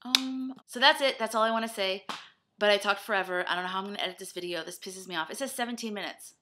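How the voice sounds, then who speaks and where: A woman's voice: mid-range voice, quick pace, sharp tone. A young woman rambling through a personal video blog, self-deprecating and scattered, talking in sudden bursts. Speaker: vlogger.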